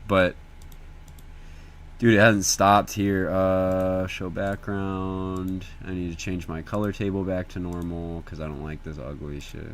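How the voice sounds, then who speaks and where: A man's voice: low-pitched, slight background noise. Profane young streamer guy. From Indiana, US. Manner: excitable, profane, slangy, calls viewers bro and dude. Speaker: livestreamer. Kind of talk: casual livestream chat.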